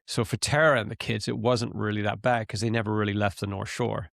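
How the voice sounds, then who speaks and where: Gravelly-voiced man telling stories casually. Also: lowish voice, a little fast, no room sound, studio quality. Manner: animated storyteller, acts out his own frustration. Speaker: podcast co-host. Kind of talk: casual conversation. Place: living in rural Canada.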